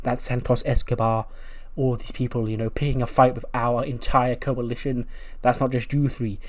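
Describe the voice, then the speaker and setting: A man's voice: mid-range voice, level tone, moderate pace, natural voice. A man doing a smug older wrestling manager who talks down to everyone around him. The voice stays close to the man's own everyday speech, with only a patronizing lilt to mark it. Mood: condescending. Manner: patronizing, condescending.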